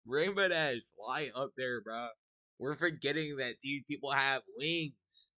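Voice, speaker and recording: Bright-voiced young man reacting. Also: medium pitch, slow pace, no echo. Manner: slangy, exclaiming, playful. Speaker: reaction streamer. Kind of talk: casual reaction commentary.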